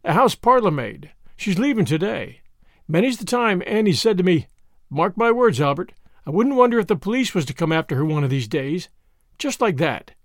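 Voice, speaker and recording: A man doing a wide-eyed young lift boy, eager, breathless, working-class slang, animated. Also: sits high, moderate pace, no room sound, studio quality.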